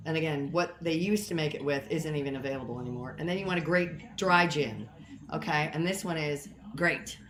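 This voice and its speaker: A woman's voice: a little fast, a bit bright, faint music behind. A woman hosting a casual home cocktail live stream, chatty and rambling with self-deprecating asides, a little out of breath. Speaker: home cocktail show host. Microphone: built-in mic, not her usual one. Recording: echoey room, lower audio quality.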